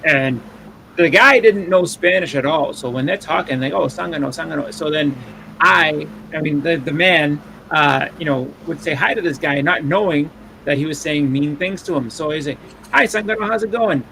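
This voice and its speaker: A man's voice: a little high, moderate pace, sharp tone, low-quality recording. A man in his thirties and father of a young daughter, co-hosting a casual podcast chat and telling rambling stories full of restarts and acted-out quotes. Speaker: podcast co-host. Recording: faint background noise.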